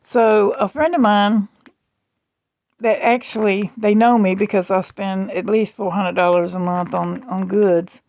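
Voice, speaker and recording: A woman chats at home for her vlog in a slow, drawling ramble. Her voice is gravelly with fry, and it sounds dry and close. She talks in a loose, chatty way. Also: mid-range voice, steady tone, darkish tone, dry recording. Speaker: vlogger. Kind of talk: casual chat.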